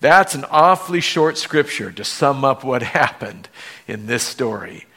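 A man in the pulpit delivering a sermon with a bright, forceful voice. He is expressive, slipping into characters' voices as he retells the scene. He gets visibly moved as he preaches. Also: medium pitch, a little slow. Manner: expressive, acts out dialogue in voices; moved to emotion while preaching. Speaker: pastor.

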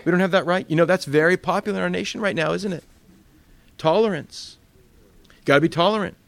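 A man's voice: high-pitched, brisk, vocal fry, a bit bright, dry recording. A male pastor teaching a Bible study in a conversational sermon style, full of rhetorical questions.

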